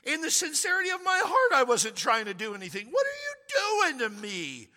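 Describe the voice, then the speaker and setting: A man acting out a panicked, indignant king in a sermon, shouting in a high, strained voice. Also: sing-song, slow, big-room sound, full character voice.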